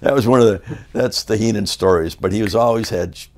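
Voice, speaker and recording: An older American man, a former wrestler, telling stories in a shoot interview and acting out the people in them. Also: fairly quick. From United States. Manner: animated storyteller, acts out the people in his stories in loud high voices.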